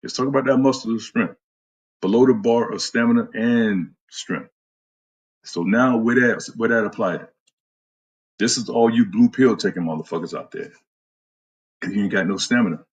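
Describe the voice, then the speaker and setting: A man talks to his viewers as a fitness trainer on a casual stream, in a lowish, husky voice. He is blunt and profane, trash-talking his audience about getting in shape. He breaks off to greet people by name. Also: moderate pace, pauses often, muffled recording.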